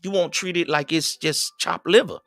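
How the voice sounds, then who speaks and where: A middle-aged man, hosting a livestream and giving preachy, animated advice to his viewers. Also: a little high, normal speed, no echo, studio quality, soft background music. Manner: preachy, animated, quotes others in raised voices. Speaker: livestream host. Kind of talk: casual advice talk to viewers.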